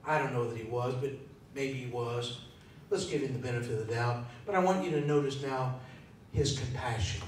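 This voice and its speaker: A man preaching a sermon in a church, thinking aloud in a conversational way and asking the congregation questions. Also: a little fast. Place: church sanctuary. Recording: echoey hall from far off, faint rumble.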